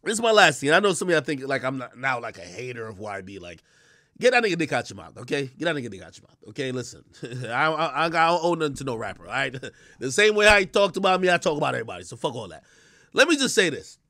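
Guy ranting on stream, high bright voice, jumps all over, loud and mocking, dry sound. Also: sing-song, fast, no room sound. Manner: loud, mocking, profane, bursts of shouting; laughs between jabs. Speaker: streamer host. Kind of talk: live-stream commentary rant.

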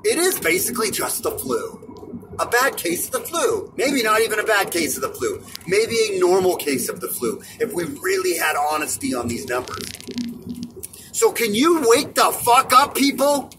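A man's voice: high voice, very animated, moderate pace. A man vlogging from a car, ranting in a heated, sarcastic, profane way. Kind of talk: angry ranting monologue. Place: in a car while driving. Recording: vehicle road noise behind.

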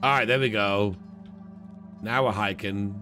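A man hosting a let's play, chatty and playful, often laughing and slipping into quick character voices. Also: fairly low pitch, steady tone, pushed and bright, soft background music. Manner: voices his game characters in quick asides. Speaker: gaming channel host.

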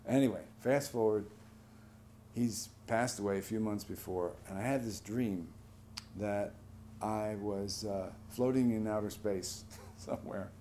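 Soft-spoken older man, halting and reflective. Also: on the low side, slight background noise. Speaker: veteran. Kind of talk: personal testimony.

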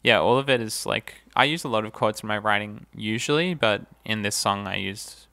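A man's voice: on the low side, normal speed, vocal fry, dry recording. A man co-hosting a podcast, chatting casually about music and explaining ideas with lots of fillers. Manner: relaxed, filler-heavy, explains music theory. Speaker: podcast co-host.

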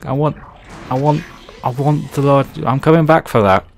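A man's voice: medium pitch, moderate pace, vocal fry, faint music behind. A man commentating a video game playthrough, sarcastic and swearing, with jokey asides. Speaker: gaming youtuber. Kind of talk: let's play commentary.

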